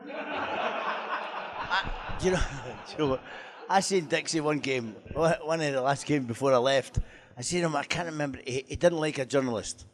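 A man's voice: on the high side, measured pace, fairly bright tone, faint music behind. Man, former footballer, rowdy anecdotes, lots of laughing, live Q&A. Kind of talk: live stage Q&A storytelling.

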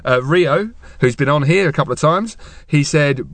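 A man's voice: on the high side, moderate pace, a bit bright, dry recording. Jokey man hosting a podcast. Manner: chatty, jokey, stumbles a little when reading aloud. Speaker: podcast host. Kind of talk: casual podcast chat and reading listener feedback.

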